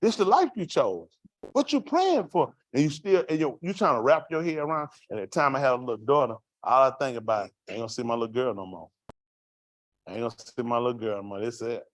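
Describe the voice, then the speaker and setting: A man's voice: mid-range voice, fast, no echo. Dry, plain-voiced man testifying. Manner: raw, vernacular storytelling with rhetorical questions to the room. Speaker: congregation member giving testimony. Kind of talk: street-life testimony to a congregation.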